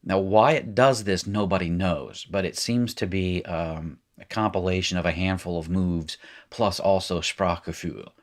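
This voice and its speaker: A deep-voiced man talks through exercises at a desk mic. His teaching rambles: he restarts sentences, backtracks, and drops dry, self-mocking asides along the way. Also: fairly even intonation, measured pace. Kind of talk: recorded language lesson.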